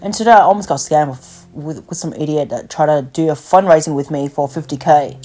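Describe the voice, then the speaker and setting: A woman with a low, dark voice speaks briskly as she hosts a podcast. Her casual rant is blunt and laced with swearing and fillers, and the audio is a phone call with faint music.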